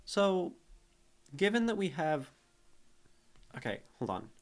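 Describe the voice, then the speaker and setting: A man streaming live, slowly thinking aloud as he breaks down a poem, sounding out its syllables. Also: fairly high pitch, big pitch swings. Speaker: streamer analyzing poetry. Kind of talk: casual live-stream teaching.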